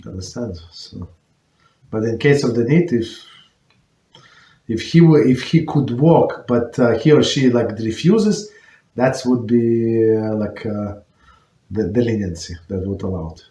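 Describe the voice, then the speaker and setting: A man's voice: mid-range voice, unhurried, dark tone. A man, a rabbi, explaining points of religious law to an online class and searching for words as he goes. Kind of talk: answering questions on religious law. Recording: roomy echo.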